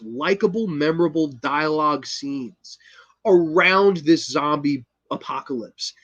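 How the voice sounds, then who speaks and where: A man's voice: on the high side, a bit bright, highs cut off. A man hosting a casual film review monologue, enthusiastic and profane, retelling scenes and quoting lines. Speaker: host.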